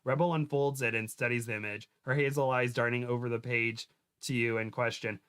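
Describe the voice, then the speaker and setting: Host type, male, mid-pitched, reads fanfic aloud for laughs, trips over words. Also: steady tone, fairly bright tone, clear, resonant tone. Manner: reads aloud with stumbles and giggles, quick voice shifts for quotes. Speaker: podcast host reading fan fiction aloud. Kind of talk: comedic dramatic reading.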